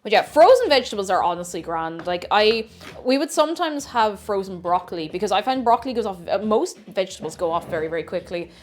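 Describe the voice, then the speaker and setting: A woman's voice: mid-range voice, big pitch swings, fast talker. A woman chatting casually to viewers while cooking on a livestream, greeting them and laughing at herself. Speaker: streamer.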